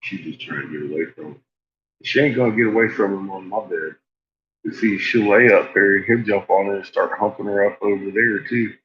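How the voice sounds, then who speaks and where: A man's voice: fairly low pitch, a little fast. A man at home chatting casually and swearing a lot, laughing often and talking to his barking dogs. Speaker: vlogger. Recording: dull lo-fi home recording, faint noise.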